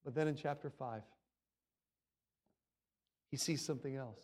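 A middle-aged man preaching a sermon, swinging from loud exclamations to low, hushed passages. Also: measured pace. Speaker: pastor.

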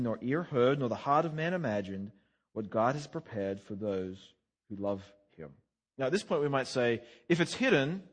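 A man delivers a verse-by-verse sermon in a somewhat raised, slightly husky voice. His pitch leaps up for emphasis and then falls to soft, low endings. He talks in a lively, animated way throughout. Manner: animated, swings between emphatic rises and soft drops. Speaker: preacher. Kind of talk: expository sermon.

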